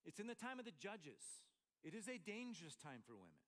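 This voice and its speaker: A man's voice: high voice, huge pitch swings, a little fast, fairly bright tone. An older man from Montana preaching a sermon, explaining scripture in a conversational, storytelling way with asides. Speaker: pastor.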